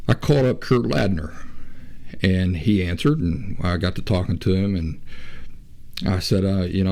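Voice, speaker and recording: A man hosting his own show, talking in a reflective, unhurried way with frequent restarts and pauses. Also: deep voice, gravelly, mellow. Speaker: podcast host. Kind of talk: reflective casual talk.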